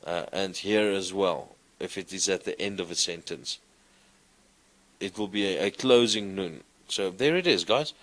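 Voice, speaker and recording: A man teaching a class, explaining grammar slowly and reciting verb forms in a sing-song way. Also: sits low, a bit bright. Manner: slow, deliberate, recites conjugations in a sing-song. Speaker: lecturer. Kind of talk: classroom lecture.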